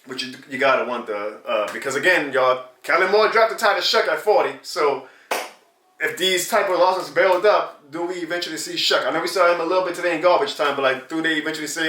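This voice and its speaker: A man's voice: fairly high pitch, brisk, bright, forceful tone, reverberant, far from the mic. A man hosting a sports reaction channel, venting in a casual, exasperated and sarcastic rant. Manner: exasperated, sarcastic, mocks rival fans in put-on voices.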